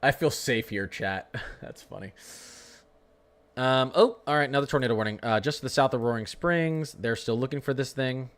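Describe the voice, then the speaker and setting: A man's voice: mid-range voice, normal speed. Joking young man on a weather livestream. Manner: joking, talks to chat, frequent laughs. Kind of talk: casual live-stream chat.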